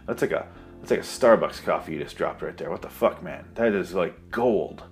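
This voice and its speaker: A man's voice: low-pitched, lively intonation, normal speed, soft background music. A man giving a sarcastic, profane, rambling comedic recap of a movie plot.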